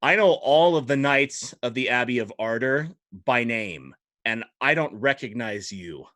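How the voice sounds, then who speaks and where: A man's voice: medium pitch, lively intonation, a little slow, bright, forceful tone. A man voicing a young self-righteous priest. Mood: stern. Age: 20s. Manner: indignant, preachy.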